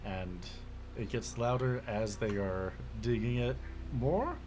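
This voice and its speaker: A man narrating a tabletop game as game master, halting with many fillers. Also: mid-range voice, background noise.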